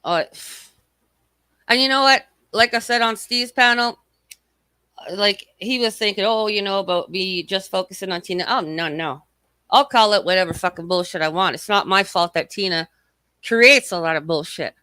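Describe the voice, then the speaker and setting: A woman rants on her livestream in a bright, forceful voice, heated and sarcastic, swearing freely. The sound is dry and close, with no room echo. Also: medium pitch, normal speed, clear, resonant tone. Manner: profane, heated, sarcastic ranting. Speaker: livestream host. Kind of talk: ranting livestream commentary. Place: at home.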